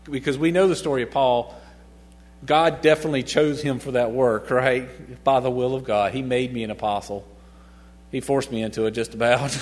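A middle-aged man teaching a casual Bible study, chatty, chuckling often and asking his listeners questions. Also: mid-range voice. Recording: long reverb.

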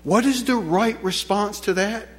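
High-voiced guy preaching in church, leans hard on repeated lines and asks the room questions. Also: a little slow. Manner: emphatic, repeats key phrases, asks rhetorical questions. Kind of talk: sermon.

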